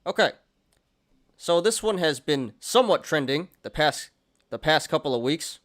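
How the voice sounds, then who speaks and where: A man's voice: fairly high pitch, lively intonation, moderate pace, a bit bright. A young man hosting a market show, chatting casually through charts, often laughing and restarting his sentences. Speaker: stock and crypto show host.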